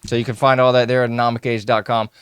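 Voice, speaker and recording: A man's voice: medium pitch, little pitch movement, fast, smooth, no echo. Easygoing male podcast host. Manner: easygoing, loose, says "man" often. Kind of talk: casual interview chat.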